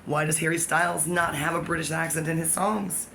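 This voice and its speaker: A woman talks straight to the camera in a loose, wandering monologue, stopping to correct herself and toss in jokes. Her voice has a gravelly fry to it. A clear layer of background noise sits under the recording. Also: low-pitched, level tone, fairly quick, fairly bright tone. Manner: scattered, self-correcting, jokey asides. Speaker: vlogger.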